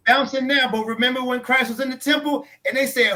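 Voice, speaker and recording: Bright, high-voiced preaching man. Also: moderate pace, hardly any pauses. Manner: preacherly, emphatic, repeats key lines; trains others in tone and inflection. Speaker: church leader on a post-sermon talk show. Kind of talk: casual faith discussion.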